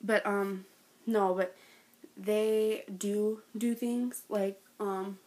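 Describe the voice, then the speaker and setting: A woman's voice: medium pitch, level tone, very slow, a little mellow. A young woman vlogging a story straight to her camera at home. She gushes and rambles, stringing everything together with "like" and "oh my God", and keeps slipping into giggles as she relives it. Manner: gushing, breathless, lots of "like" and "oh my God"; bursts into giggles when retelling. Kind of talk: excited storytelling vlog.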